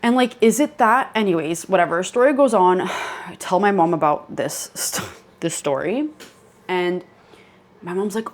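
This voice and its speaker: A woman's voice: on the low side, animated, moderate pace. Chatty young woman telling ghost stories. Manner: chatty, many "like" fillers, laughs while telling. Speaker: channel host. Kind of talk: casual storytelling.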